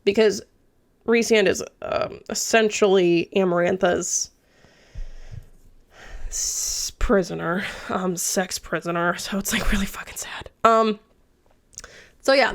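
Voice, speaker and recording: A woman's voice: mid-range voice, slow. A young woman recapping a book in a chatty, casual way, swearing freely and dropping into whispered asides. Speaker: book reviewer.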